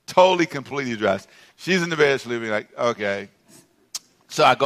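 A man's voice: mid-range voice, expressive, fairly quick, long pauses, fairly bright tone. A middle-aged male pastor preaching a sermon in a humorous, playful way, drawing responses from the congregation.

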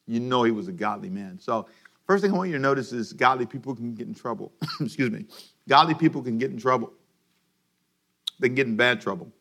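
Bright-voiced preacher calling for responses. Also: male voice, medium pitch. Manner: animated, calls the congregation to repeat after him. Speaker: pastor. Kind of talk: radio sermon.

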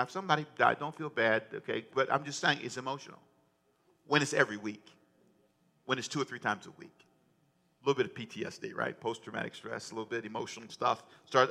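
A man's voice: mid-range voice, creaky, pushed and bright. A man preaching a sermon as pastor, conversational and joking, often repeating himself. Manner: conversational, repetitive, humorous asides.

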